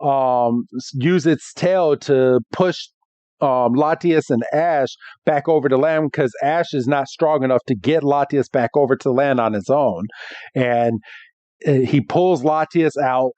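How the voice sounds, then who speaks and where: A man's voice: medium pitch, measured pace, a little mellow, no echo, dull audio. A man hosting a podcast, casually recapping a cartoon episode with a lot of restarts and acted-out quotes. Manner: rambling, restarts, acts out quotes. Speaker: podcast host.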